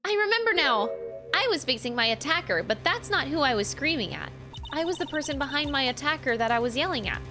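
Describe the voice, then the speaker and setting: A woman's voice: sits high, big pitch swings, fairly quick, pitched above the performer's own voice. A woman voicing a frightened young woman witness who stammers and pleads in a video game. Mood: recalling. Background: game music.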